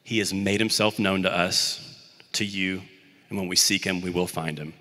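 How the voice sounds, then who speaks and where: A young man from the Birmingham, Alabama area preaches a casual, self-deprecating sermon. His lowish voice has a forceful, bright edge. A long reverb trails behind his words, as in a big hall. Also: steady tone, moderate pace. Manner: conversational, self-deprecating storytelling.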